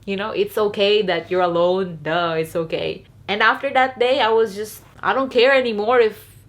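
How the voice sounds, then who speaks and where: A woman's voice: medium pitch, fairly even intonation, moderate pace. A young woman from the Philippines with a Filipino accent, telling a candid, chatty storytime vlog. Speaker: vlogger.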